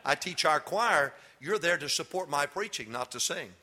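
High-voiced preacher with a sharp, piercing edge. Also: male voice, expressive, moderate pace. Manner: jokey storytelling that builds into shouted exhortation. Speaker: pastor. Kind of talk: humorous sermon. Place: church before a live congregation.

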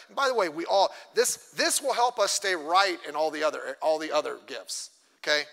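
A man's voice: fairly high pitch, bright, forceful tone. A middle-aged man, a pastor, teaching a church class in a chatty, self-deprecating way and acting out little quotes. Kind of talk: conversational sermon teaching. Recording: long church hall reverb.

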